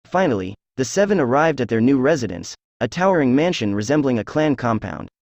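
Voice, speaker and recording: A man reading fan fiction aloud as narrator, in a steady, even storytelling voice. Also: medium pitch, fairly quick, gravelly, no echo.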